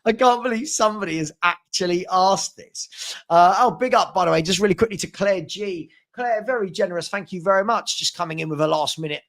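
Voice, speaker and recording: A man's voice: high voice, fairly quick, a bit bright. A man hosting a casual live fan chat, thanking viewers by name and answering the chat. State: hiccups. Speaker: fan channel host.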